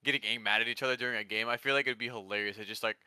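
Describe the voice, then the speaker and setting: A man's voice: medium pitch, steady tone, rapid-fire, bright, forceful tone, clean tone, no room sound, clean studio sound. A young man co-hosting a podcast, rambling and full of restarts. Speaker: podcast co-host. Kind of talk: casual chat.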